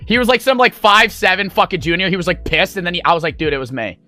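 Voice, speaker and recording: A man's voice: high voice, fast, bright, forceful tone, faint music behind. A young man streaming, telling a rambling, profane story to his chat. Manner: rambling, profane, full of fillers.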